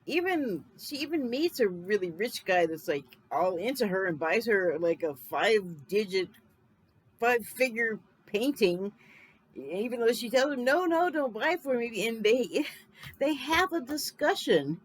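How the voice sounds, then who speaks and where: A woman's voice: mid-range voice, sing-song, unhurried, husky, rough recording. A woman in her fifties from Los Angeles, casually reviewing a film in a rambling, chatty way, with frequent small laughs and self-corrections. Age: 50s.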